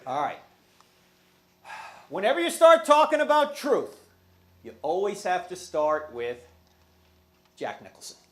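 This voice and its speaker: High-voiced man giving a joking lecture. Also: huge pitch swings, unhurried, long pauses, fairly bright tone. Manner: humorous, asks the audience questions. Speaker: guest speaker. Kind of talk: lively apologetics lecture to a live audience.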